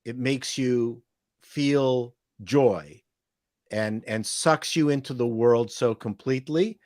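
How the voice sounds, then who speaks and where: A man with a Canadian accent from Toronto tells stories as a guest in a loose conversation. He talks in an animated, joking way. The sound is dry and close. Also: medium pitch, dry recording. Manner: storytelling, animated, quick jokes. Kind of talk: casual chat.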